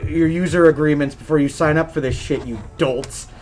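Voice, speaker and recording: A man co-hosting a casual gaming podcast, talking in an animated, jokey way and swearing now and then. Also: fairly high pitch, fairly quick, slight background noise. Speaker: podcast co-host.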